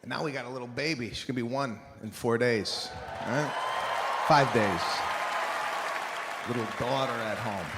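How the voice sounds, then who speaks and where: A male stand-up comedian telling stories in an animated, exasperated way, slipping into acted-out voices. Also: medium pitch, normal speed, long pauses, very noisy. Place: large theater with a live audience. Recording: live hall recording with crowd laughter.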